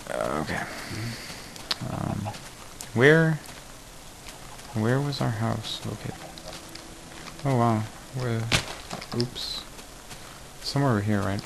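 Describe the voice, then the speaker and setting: A man's voice: mid-range voice, expressive, slow pace, vocal fry, pauses often, background noise. A man hosting a casual game video, joking and exclaiming at each mishap while he plays. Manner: jokey, exclaims at mishaps, mutters asides. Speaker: gaming video host. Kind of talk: casual let's-play commentary.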